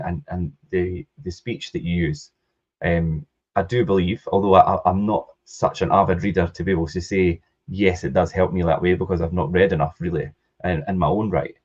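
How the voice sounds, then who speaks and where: A man with a Scottish accent co-hosting a casual podcast chat, talking in a relaxed, agreeable way with long, rambling sentences. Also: sits low, husky, muffled recording. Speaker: co-host.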